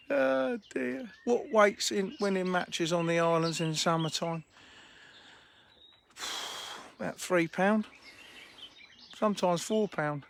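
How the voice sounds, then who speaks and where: A man's voice: sits high, slow, gravelly, pauses often, a bit bright, a little hiss or hum. A fishery owner chatting informally on a live stream while walking round his lake, holding his phone, with faint birdsong outdoors. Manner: chatty, laughing, blunt and informal. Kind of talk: live-streamed lakeside walk and chat. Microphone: handheld phone.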